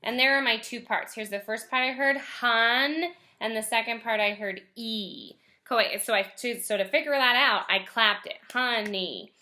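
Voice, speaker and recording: A woman teaching first graders in a recorded lesson, speaking gently and stretching words out slowly so children can hear the sounds. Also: a little high. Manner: gentle, encouraging teacher voice for young kids.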